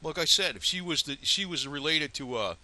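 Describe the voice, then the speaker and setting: A man's voice: fairly high pitch, expressive, fairly quick, bright, forceful tone. A man ranting angrily in a home vlog, profane and rambling, swinging between outbursts and muttered asides. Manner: profane, heated, rambling rant. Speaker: vlogger.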